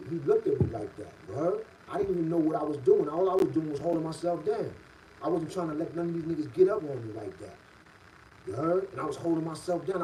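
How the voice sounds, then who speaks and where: A middle-aged man from the Bronx with a New York City accent tells a story in a casual, streetwise way, his voice sitting a little high. He sounds a bit away from the mic, with faint ambient noise behind him. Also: recorded from a distance, poor audio. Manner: streetwise, repeats "you heard?" and "B", gets loud and high when worked up.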